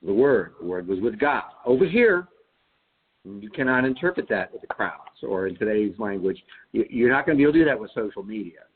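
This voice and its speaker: A man's voice: lowish voice, lively intonation, brisk, slightly rough. A man on a Bible study call-in who thinks aloud and often restarts his sentences. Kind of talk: reflective casual discussion. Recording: tinny phone line.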